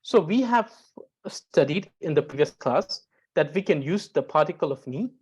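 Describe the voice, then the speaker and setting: A woman teaching a grammar lesson, explaining carefully and often pausing with "uh" to restart a phrase. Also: deep voice, lively intonation, darkish tone, husky. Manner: explains slowly with frequent "uh" pauses and restarts; reads out example sentences. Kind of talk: recorded language lesson.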